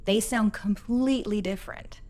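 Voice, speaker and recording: A woman's voice: medium pitch, normal speed, darkish tone. A woman on a podcast, speaking earnestly and reflectively about a past workplace in casual conversation. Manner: earnest, reflective, quotes others in acted tones. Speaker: podcast guest, employee.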